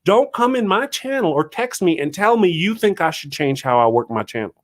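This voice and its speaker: A man's voice: sits high, sing-song, brisk. A man hosting a solo livestream morning show, talking casually and ranting in a rambling, self-deprecating way.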